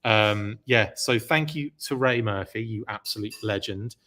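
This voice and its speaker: A man's voice: on the low side, a little slow. Gushing male podcast host. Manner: excited, gushing; chatty, many fillers and restarts. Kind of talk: live-stream show-and-tell, reading viewer comments.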